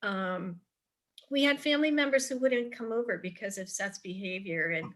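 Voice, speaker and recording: Speaking at a moderate pace in a mid-range, slightly bright voice, a middle-aged woman advises parents over a video call. She tells chatty stories for a virtual forum and frequently stumbles with ums and restarts.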